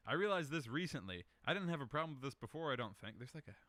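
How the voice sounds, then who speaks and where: Young male host, bright voice, dry close sound, casual rambling Q&A, swears freely, jokes at his own expense. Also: medium pitch, big pitch swings, fast, no room sound. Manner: rambling, profane, self-mocking. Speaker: podcast host answering questions. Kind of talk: casual solo chat.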